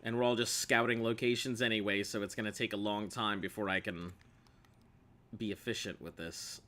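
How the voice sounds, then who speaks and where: A man talks through his gameplay stream, cracking jokes with viewers and laughing often. His voice sits lowish yet comes across bright and forward. His delivery stays loose and playful. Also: steady tone, moderate pace. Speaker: game streamer. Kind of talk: gameplay commentary chatting with viewers.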